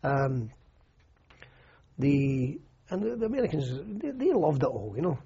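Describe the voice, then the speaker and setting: A man's voice: mid-range voice, big pitch swings, measured pace, gravelly, a crowd in the background. An older Scottish man, an army veteran, recalling his service in a rambling, anecdotal oral history interview full of "you know" and restarts. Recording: muffled lo-fi recording.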